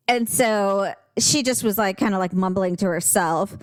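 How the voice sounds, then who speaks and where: A woman co-hosting a podcast, telling a story in casual chat, animated and swearing freely. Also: on the high side, brisk, few pauses, no room sound. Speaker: podcast co-host.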